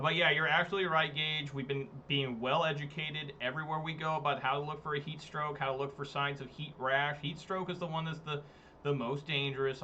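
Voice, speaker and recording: A man with a fairly high, bright, forceful voice narrates his card game, swearing and reacting in disbelief as he talks to viewers. The stream audio sounds dull and lo-fi, with a faint hiss underneath. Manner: exasperated, swearing, talks to chat. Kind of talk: casual gameplay commentary. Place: home room, hot day.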